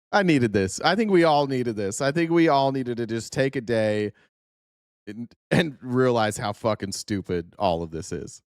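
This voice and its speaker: A man's voice: medium pitch, animated, a little slow, darkish tone, dry recording. A man hosting a livestream, reacting to a video with rambling, profane, laughing asides. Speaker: streamer host reacting to a video. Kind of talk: casual livestream commentary.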